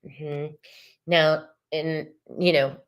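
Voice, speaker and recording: A woman's voice: low voice, level tone, drawn-out words. A middle-aged woman, hosting a live tarot reading, effusive and chatty, swearing casually and calling viewers y'all and sister.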